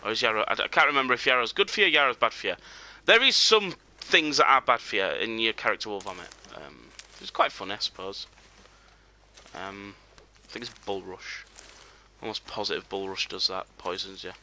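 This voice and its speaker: A man's voice: lowish voice, lively intonation, fairly quick, pushed and bright, a little hiss or hum. A man streaming a game, chatting casually and rambling with lots of "you know" and "um" fillers. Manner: drops to a near whisper while sneaking up on game. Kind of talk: casual live gameplay commentary.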